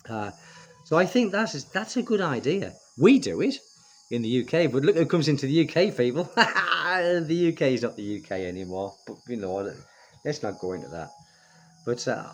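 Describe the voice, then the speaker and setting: A middle-aged man with a British accent talks loosely to his viewers, his pitch rising and dipping a lot. He rambles and restarts often and leans on fillers. His voice sits mid-low for a man. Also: a little mellow. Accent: British English. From United Kingdom. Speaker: expat vlogger. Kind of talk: casual chat to camera.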